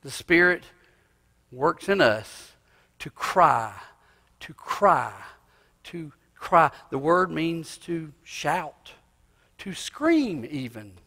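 A male pastor preaching a sermon in a church, swinging from loud cries to hushed asides. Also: fairly high pitch, sing-song, very slow, long pauses. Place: church sanctuary. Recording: long reverb of a church hall.

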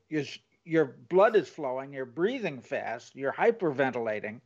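A man's voice: medium pitch, expressive, normal speed, husky, lo-fi sound. A man hosting an interview, explaining and affirming his guest's points. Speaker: host. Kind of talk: casual interview chat.

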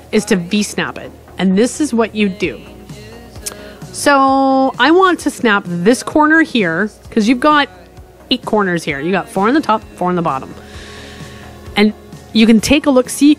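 A woman from Canada hosting a casual screen-recorded game tutorial, chatty and explaining step by step with asides. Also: mid-range voice. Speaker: tutorial host.

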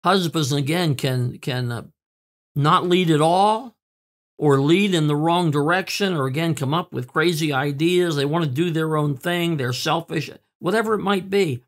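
A man preaches a sermon in an earnest, plainspoken way. His voice sits a little high for a man. He trips over fillers and repeats words, then slows right down to lean on each key word. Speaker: pastor.

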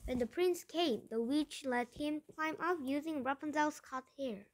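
A woman's voice: high voice, normal speed, few pauses, no echo, poor audio. A woman reading a fairy tale aloud in English, carefully, with small slips and restarts. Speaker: storyteller. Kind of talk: storybook read-aloud.

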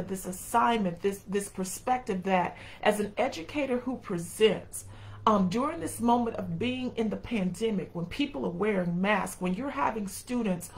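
A woman preaching with a gravelly edge in her voice, pitched a little high. She is middle-aged, talks in a homey way and keeps turning to her listeners. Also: low-quality recording. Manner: folksy, calls on the congregation, acts out quotes. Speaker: preacher and educator. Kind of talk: sermon.

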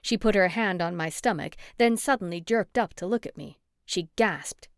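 A woman reading a first-person cozy mystery audiobook with steady, clear storytelling. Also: on the low side, normal speed, no echo, studio quality. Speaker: audiobook narrator.

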